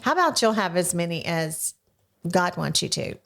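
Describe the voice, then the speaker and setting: An older woman hosting a podcast, chatting with a child and coaxing him along with slow, gentle questions. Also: lowish voice, sing-song, gravelly. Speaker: podcast host interviewing her grandson. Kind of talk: casual interview chat. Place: small home podcast studio.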